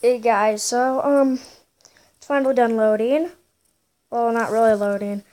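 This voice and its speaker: A woman giving excitable gameplay commentary as a gaming YouTuber, full of gasps, exclamations and playful sing-song bits. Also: a little high, a little slow.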